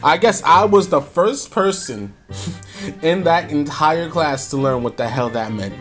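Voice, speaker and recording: Man vlogger, casual rambling storyteller, slightly high voice, music bed behind. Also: unhurried, a bit bright. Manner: rambling, many fillers and restarts, chuckling. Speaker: YouTuber.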